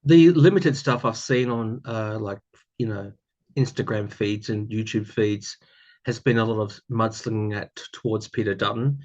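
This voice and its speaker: A man's voice: fairly low pitch, normal speed, darkish tone, dull audio. An Australian man chatting casually to camera, rambling with many fillers and restarts. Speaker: tarot YouTuber.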